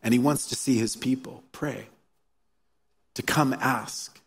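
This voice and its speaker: A pastor preaches slowly in a medium-pitched voice with fairly even intonation, vocal fry and a touch of roughness. Earnest and story-rich, he repeats his key lines, and the live sermon echoes through a church hall.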